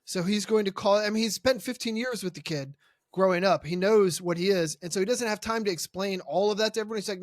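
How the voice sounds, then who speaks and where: A man's voice: high voice, brisk, no echo, clean studio sound. A man co-hosting a horror film podcast, joking around and swearing freely in casual chat. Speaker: podcast co-host.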